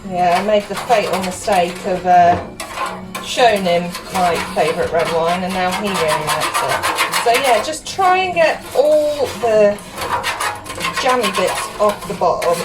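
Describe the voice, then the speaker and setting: A woman's voice: mid-range voice, lively intonation, measured pace, low-quality recording. A British woman vlogging as she cooks a roast dinner in her home kitchen, chatty and giggly, explaining each step to her viewers. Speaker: cooking vlogger. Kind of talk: casual cooking walkthrough. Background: background music and pans.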